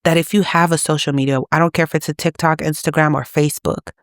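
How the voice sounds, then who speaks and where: A woman's voice: deep voice, steady tone, quick pace, no echo, studio quality. A woman preaching to her channel's viewers in an urgent, exhorting manner. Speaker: channel host. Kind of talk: preaching to camera.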